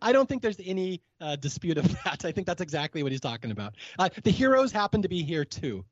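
A man's voice: a little high, very animated, quick pace, no echo, dull audio. A man hosting a podcast in a casual recap chat, chatty, laughing often and acting out quotes. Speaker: podcast host.

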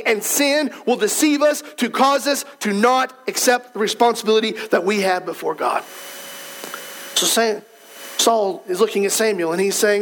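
A man's voice: high-pitched, a little fast, fairly bright tone, slight background noise. A man pastor preaching a sermon, emphatic and repetitive, using rhetorical questions and reading scripture aloud.

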